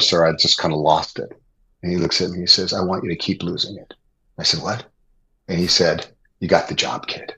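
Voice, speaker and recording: A middle-aged man, a guest on a podcast, telling an animated story with excitement and laughter. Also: lowish voice, slightly rough, low-quality recording. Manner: excited, laughing anecdote teller. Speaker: guest, former TV gladiator.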